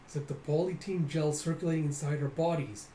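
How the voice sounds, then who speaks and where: A man's voice: on the high side, steady tone, a little fast, dark tone. A young man casually narrating a comic readthrough in a loose, rambling way. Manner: loose, rambling, lots of "he's like". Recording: echoey room, faint noise.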